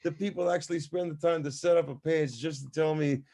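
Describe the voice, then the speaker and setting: A man in his sixties, a musician guest, telling stories in casual, profane, animated chat. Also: on the high side, brisk. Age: 60s. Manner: profane, animated storytelling with voiced asides.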